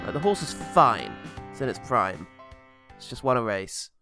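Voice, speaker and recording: A man's voice: mid-range voice, sing-song, normal speed, bright, forceful tone, soft background music. A man from England co-hosting a comedy podcast, playful and sarcastic, swearing freely. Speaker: podcast co-host. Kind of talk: casual comedic chat.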